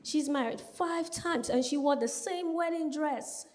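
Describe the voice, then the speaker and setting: A woman's voice: high-pitched, unhurried, a little mellow, slight background noise. Punchy woman comedian on a club stage. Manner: punchy, chatty delivery with frequent asides to the crowd. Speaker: stand-up comedian. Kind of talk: stand-up comedy set.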